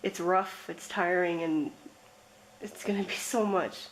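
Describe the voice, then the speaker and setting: A woman's voice: on the low side, fairly even intonation, a little hiss or hum, poor audio. A woman giving a pick-a-card tarot reading, speaking in a reflective, emotional way. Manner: slow, emotional, reflective, with laughs. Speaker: tarot reader.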